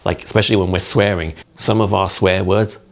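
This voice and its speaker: A man's voice: sits low, flat delivery, fairly quick. A man whose first language is Cantonese, chatting directly to camera as a video creator. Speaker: YouTube creator. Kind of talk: casual vlog commentary.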